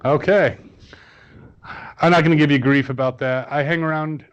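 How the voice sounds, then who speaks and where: A man's voice: a little high, fairly even intonation, normal speed, dull audio. A man chatting casually as a guest on a podcast, rambling with many fillers and restarts. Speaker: guest toy reviewer.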